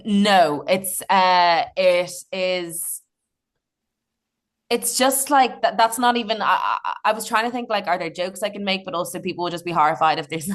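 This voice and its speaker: A woman's voice: lowish voice, fairly even intonation, moderate pace. Chatty woman telling comedy stories. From Ireland. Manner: chatty, laughs often, swears casually. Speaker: comedian guest. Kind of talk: casual podcast storytelling.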